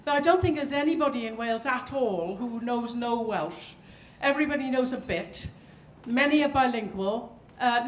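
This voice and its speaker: A high-pitched woman speaks to an audience in a loose, halting way, often restarting her sentences. Her voice carries the roomy echo of a hall, with faint noise under it. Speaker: panel speaker. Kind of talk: live talk to an audience. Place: event hall.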